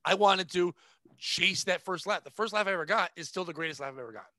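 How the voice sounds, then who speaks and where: A man's voice: high-pitched, fast talker, bright, forceful tone, no echo. A man in his forties, a comedian guest telling profane, brash stories in a casual podcast chat. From New England. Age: 40s.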